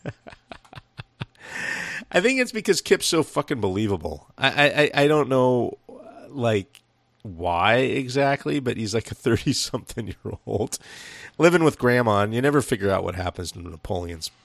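A man's voice: mid-range voice, very animated, moderate pace, creaky, no echo. A man co-hosting a podcast, chatting casually about a movie, rambling, swearing a lot and laughing often. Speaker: podcast co-host. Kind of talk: casual profane movie chat.

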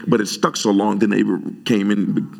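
A man preaching a sermon, animated and conversational, jumping high in pitch when he retells his own words. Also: normal speed, vocal fry. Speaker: pastor.

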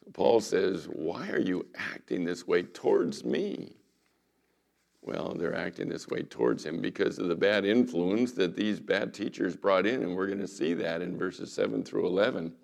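A man preaching a sermon as pastor, retelling scripture stories dramatically and dropping to a hushed voice for quoted lines. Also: sits low, lively intonation, normal speed, creaky.

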